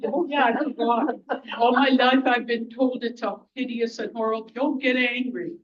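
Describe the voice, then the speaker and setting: A woman giving a blunt, angry, outspoken speech at a community event, often pausing to search for words. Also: fairly high pitch, fairly even intonation, recorded from a distance, muffled recording. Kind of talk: impromptu public speech.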